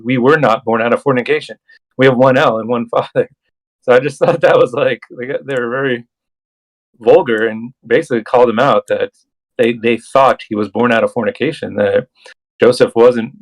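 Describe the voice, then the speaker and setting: A man's voice: medium pitch, rough recording. Man reading and discussing scripture. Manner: reads verses aloud, then comments conversationally. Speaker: host and scripture reader. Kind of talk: casual bible study discussion.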